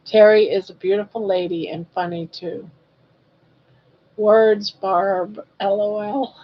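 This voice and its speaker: Woman in her 60s, live-stream host, slow and chatty, teases her viewers, slightly dull lo-fi audio. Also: medium pitch, fairly even intonation. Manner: chatty, reads viewer comments aloud and teases. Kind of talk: casual live-stream chat.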